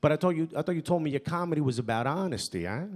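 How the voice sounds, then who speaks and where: A man voicing a gruff, intimidating middle-aged uncle with a New Jersey accent, speaking in terse, menacing lines. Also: on the high side, expressive, rapid-fire, close to an everyday voice. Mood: needling. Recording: live club, loud crowd noise.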